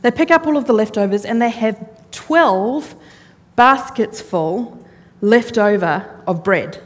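Woman pastor, lively storytelling sermon, slightly high voice, long hall reverb. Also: takes it slowly. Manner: animated storytelling, acting out quoted voices.

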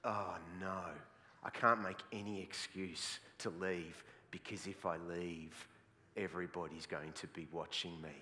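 A man's voice: deep voice, fairly even intonation, unhurried, bright, forceful tone, slight background noise, voice pushed down. A man putting on a nervous churchgoer who mutters to himself about wanting to leave, in a reverberant hall. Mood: anxious. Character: panicky reluctant male churchgoer muttering to himself.

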